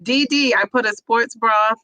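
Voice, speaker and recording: A woman's voice: on the high side, normal speed, pushed and bright, no room sound, rough recording. A woman hosting a casual livestream, reading viewers' comments aloud and cheering each of them on by name.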